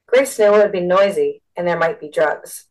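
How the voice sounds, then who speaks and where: A woman reading a story aloud in a steady, expressive narration. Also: on the low side, moderate pace, low-quality recording.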